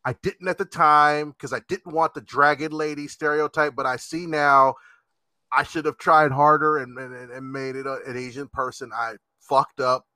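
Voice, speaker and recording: A man co-hosting a podcast in casual chat, animated and swearing, often acting out what people said. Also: on the high side, moderate pace, no echo. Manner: animated, swearing, acts out quotes. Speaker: podcast co-host.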